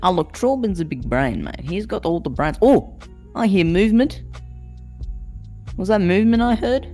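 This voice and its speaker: A woman's voice: mid-range voice, expressive, moderate pace, warm tone, faint music behind. A woman co-hosting a game stream, chatting casually and teasing her friend with mock insults. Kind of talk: casual gaming stream chat.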